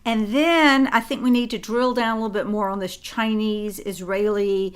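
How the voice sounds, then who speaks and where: A woman co-hosting a political talk show, briskly laying out the topics and asking leading questions. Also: medium pitch, fairly even intonation, clean tone. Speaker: co-host.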